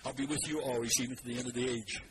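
A man preaching a sermon, animated and leading the congregation in repeating scripture after him. His voice sits at an ordinary middle pitch. A heavy wash of background noise runs under the whole recording. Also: very fast.

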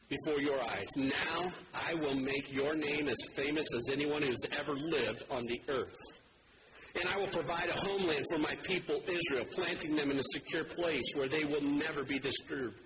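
A man preaching a sermon, talking casually and acting out the quoted speakers with big swings in his voice. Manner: animated, acts out quoted voices with wide pitch swings. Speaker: pastor. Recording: noticeable background noise.

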